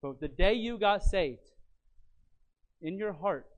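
This is a man preaching a sermon in a slightly high voice. He teaches from his notes with earnest emphasis. Some phrases land loud and others drop to a near-murmur. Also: expressive, slow. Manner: earnest and emphatic, swings from loud stresses to quiet lines; teacherly, walks through notes and fill-in blanks.

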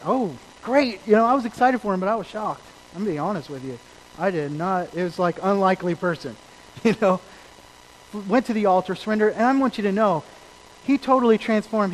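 Man, pastor preaching, high voice, earnest storytelling, loud and then hushed, faint hum behind. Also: poor audio. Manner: earnest storytelling, swings between loud emphasis and quiet asides. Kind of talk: sermon.

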